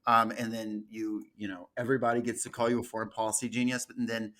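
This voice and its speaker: A man's voice: fairly low pitch, flat delivery, fast talker, fairly bright tone. Joking male podcast host. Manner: joking, laughs at own jokes. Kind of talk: casual chat.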